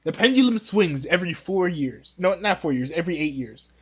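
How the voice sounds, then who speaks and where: Man, podcast host, high pitched voice, rambling, joking, casual opinion talk. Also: expressive, brisk, fairly bright tone, breathy edge, lo-fi sound. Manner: rambling, joking, many restarts.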